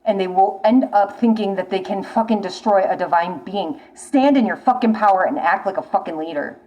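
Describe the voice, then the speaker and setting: A woman reads tarot for a viewer in a casual spoken session, speaking bluntly and with urgency, swearing a lot and repeating warnings. Her medium-pitched voice is brisk and dark, captured on a rough recording.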